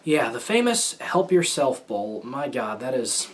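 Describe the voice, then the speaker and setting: A young American man hosts his own talk show and tells stories in a loose, rambling way. He hesitates and restarts his sentences often, his pitch sits in the middle range, and his tone stays casual. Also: big pitch swings, unhurried. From United States. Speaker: host. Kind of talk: casual solo storytelling.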